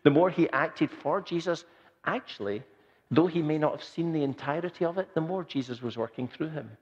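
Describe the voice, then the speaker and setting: A man's voice: a little high, fairly quick. A man preaching a sermon in an earnest, conversational way, often repeating phrases for emphasis. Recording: dull sound with long hall reverb.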